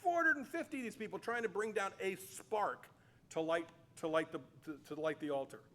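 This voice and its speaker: A man teaching a Bible class, telling the stories in an animated, chatty way with fillers and restarts. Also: high-pitched, a little fast. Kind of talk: casual storytelling lecture. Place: cathedral.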